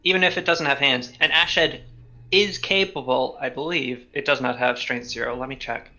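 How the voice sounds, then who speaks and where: Bright-voiced man running a tabletop game. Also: mid-range voice, normal speed. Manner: calm, explains the rules and describes the monster. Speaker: game master.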